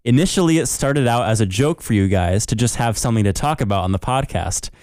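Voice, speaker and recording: A man's voice: medium pitch, expressive, fast talker, a little mellow, clear, resonant tone, dry recording, studio quality. Young man laughing through a podcast chat. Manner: laughs often, reads aloud playfully. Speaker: podcast co-host. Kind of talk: casual chat, reading a listener email.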